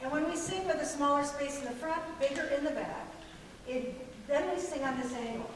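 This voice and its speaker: A woman's voice: sits high, fairly quick, slight background noise. A middle-aged woman coaching a group in barbershop singing, explaining technique and demonstrating sounds with a joking manner. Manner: demonstrates sounds, jokes with the singers. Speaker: vocal coach. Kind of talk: barbershop vocal lesson to a group. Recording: very echoey hall, voice from far off.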